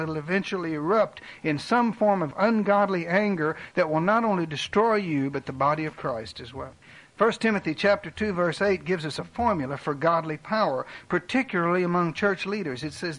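A man preaching a sermon, earnest and direct, making personal appeals and dropping his voice low for emphasis. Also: a bit bright, low-quality recording. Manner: earnest preaching with dramatic drops in volume. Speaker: pastor.

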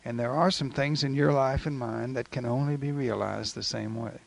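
A man preaching a sermon in a folksy, animated storytelling manner, retelling scripture with acted quotes. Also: mid-range voice, moderate pace, creaky.

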